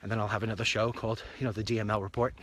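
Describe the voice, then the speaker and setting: This man's voice sits lowish and fairly bright, and he races along with a flat delivery. He's out walking down a street, hosting his own online show with an upbeat, meandering walk-and-talk monologue.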